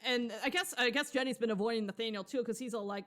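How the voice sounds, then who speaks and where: A woman's voice: on the high side, fast talker, fairly bright tone. A woman co-hosting a podcast, recapping a novel in casual chat, rambling and slangy with frequent swearing and easy laughter. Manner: laughs often while telling the story. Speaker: podcast co-host.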